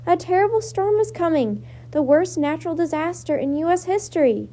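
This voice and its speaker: An anxious young boy tries to sound steady, as a woman reads him aloud. The tone is soft and mellow and the pitch is high. It is a storybook reading. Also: normal speed. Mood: shouting. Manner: earnest, anxious. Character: young boy, trying to stay calm.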